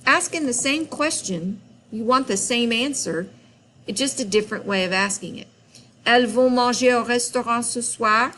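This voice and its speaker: A woman teaching a French grammar lesson, explaining slowly and patiently in a classroom-style recording. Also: on the high side, bright, forceful tone, slight background noise.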